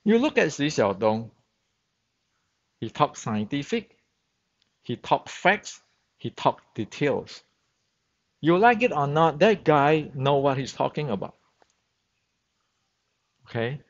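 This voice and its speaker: A man's voice: on the high side, sing-song, takes it slowly, pauses often. A man whose first language is Chinese, a Wing Chun instructor giving a blunt, emphatic monologue in broken English and often repeating words as he searches for them. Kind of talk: opinionated monologue. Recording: dull, muffled lo-fi sound.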